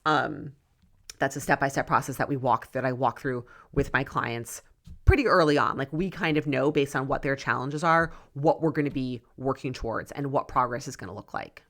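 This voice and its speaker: Low-voiced woman coaching in a casual monologue. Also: moderate pace, fairly bright tone. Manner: earnest, rambling, with frequent "right?" and "um". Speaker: podcast host and weight loss coach. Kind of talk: casual solo podcast monologue.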